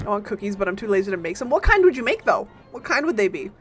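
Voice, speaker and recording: Playful, excitable woman streaming a game. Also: mid-range voice, husky, faint music behind. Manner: playful and excitable, greeting chat, quick bursts of teasing. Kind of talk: casual live-stream chat with viewers.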